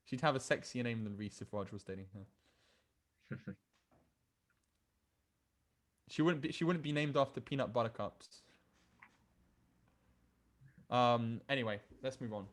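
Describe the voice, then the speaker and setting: A man's voice: mid-range voice, unhurried, long pauses. A young man, a dating coach, reading out dating app messages in a casual, rambling way with many restarts. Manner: reads dating app chats aloud, laughs, many restarts.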